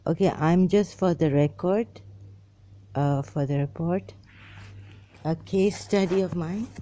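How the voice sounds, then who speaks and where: Slow rambling vlogger, super dark mellow tone, keeps repeating himself or herself. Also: mid-range voice. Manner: halting, repeats phrases. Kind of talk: rambling personal monologue.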